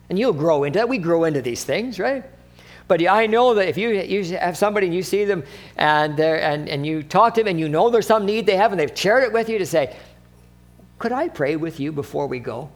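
Guy preaching, gravelly, kinda high voice, chatty, acts out little back-and-forths. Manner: conversational, acts out little dialogues, laughs often. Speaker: pastor. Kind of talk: sermon.

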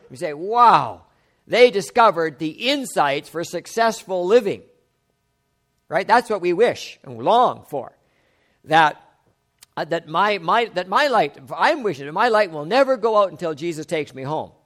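A middle-aged man preaching a sermon, reading scripture and slowing to stress key phrases. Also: high voice, big pitch swings, fairly bright tone. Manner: emphatic, slows and rises on key phrases. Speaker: pastor.

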